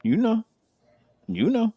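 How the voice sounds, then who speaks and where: A man co-hosting a casual podcast, telling stories in an animated, profane way with loud bursts. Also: sits high, slow, breathy edge, dry recording, highs cut off. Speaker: podcast co-host.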